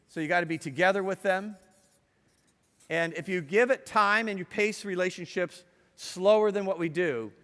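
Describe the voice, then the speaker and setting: A middle-aged man giving a lively talk to students, chatty and playful, asking the audience questions and telling stories. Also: high voice. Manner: conversational and playful, asks the audience questions, acts out quotes. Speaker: speaker addressing students. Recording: long hall reverb.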